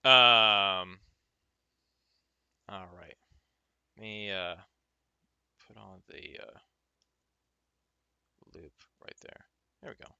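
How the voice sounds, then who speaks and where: A man narrating a tabletop game as game master, halting often with filler sounds as he goes. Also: fairly low pitch, pushed and bright, clear, resonant tone, no room sound, dull audio.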